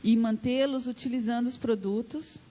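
Woman interpreting a speech in a hall. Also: fairly high pitch. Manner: measured, steady delivery following the speaker.

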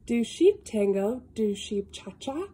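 A woman reading a picture book aloud to a young child, slow and sing-song, with gasps and animal sounds. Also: on the high side, lively intonation, dark tone, husky. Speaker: storybook reader.

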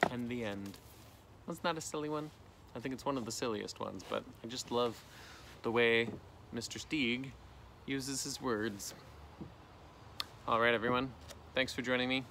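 A man, a teacher, reading a storybook aloud outdoors, with lively voices for the characters and a gentle sign-off. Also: mid-range voice, measured pace, pauses often, a little hiss or hum. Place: outdoors in a canoe.

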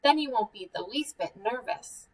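A woman voicing a fussy male bear who demands absolute quiet, speaking sternly and insistently. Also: on the high side, expressive, normal speed. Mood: gruff. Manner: stern, insistent, grows jittery. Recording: voice a bit far from the mic.

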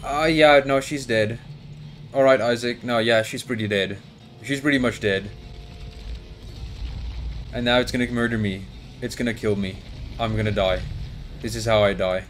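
A man's voice: mid-range voice, steady tone, moderate pace, long pauses, fairly bright tone, slight background noise. A young man commenting on his game as he plays, panicking aloud and talking to his character and the monster. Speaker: gaming YouTuber. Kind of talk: let's play commentary. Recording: faint music behind. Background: game music.

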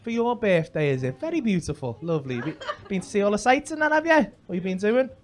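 A man's voice: sits high, very animated, quick pace. A male stand-up comedian doing cheeky, sweary banter with audience members on a comedy club stage. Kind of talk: crowd work. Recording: live comedy club crowd laughing.

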